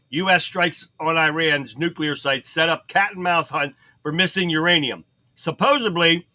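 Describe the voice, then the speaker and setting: A man's voice: a little high, bright, forceful tone, low-quality recording. A man hosting a political livestream, reading headlines aloud and ranting about them in a blunt, profane way, answering viewers as he goes. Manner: reads headlines then comments, chats with viewers. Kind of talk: casual commentary reading headlines.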